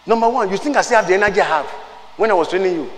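A man's voice: high voice, very fast, in a large hall, a little hiss or hum, rough recording. An older man preaching a sermon as pastor, with emphatic rising bursts and chatty asides. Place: church hall.

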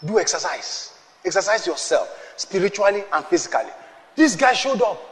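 A man, preaching a sermon with emphatic, shouted peaks and call-and-response with the congregation. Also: high-pitched, very animated, normal speed, big-room sound. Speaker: pastor.

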